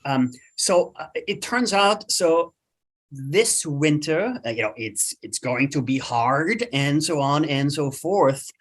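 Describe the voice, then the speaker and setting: A man's voice: on the high side, expressive, takes it slowly. A man giving a casual spoken explanation on a podcast, full of "you know" and "right?" fillers. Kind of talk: conversational explanation.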